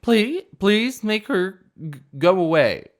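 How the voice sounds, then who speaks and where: A man's voice: huge pitch swings, unhurried, fairly bright tone. A man voicing a drunk, rude young woman partygoer in a story reading, whiny and slurring. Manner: slurring, whiny, shrill outbursts.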